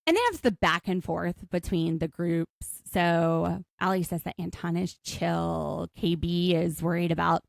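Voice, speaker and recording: A woman's voice: lowish voice, flat delivery, gravelly, dry recording, studio quality. A woman co-hosting a podcast, chatting casually and joking as she recaps a show. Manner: chatty, jokey, quick asides. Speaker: podcast co-host.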